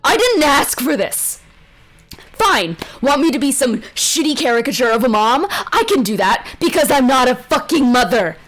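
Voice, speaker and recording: Woman doing a raging, cursing woman adventurer, high voice. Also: animated, a little slow. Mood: furious. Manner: swearing, shouting, desperate.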